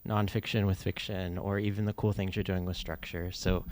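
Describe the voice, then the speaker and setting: A man's voice: low-pitched, level tone, normal speed, a little mellow. A man in the audience at a book event, asking the author a question with lots of hesitant fillers.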